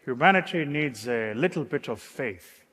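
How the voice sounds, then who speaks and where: A South African man quoting a gentle, wise elderly statesman in a slow, measured, fatherly way. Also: mid-range voice, lively intonation, lightly acted. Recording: echoey hall.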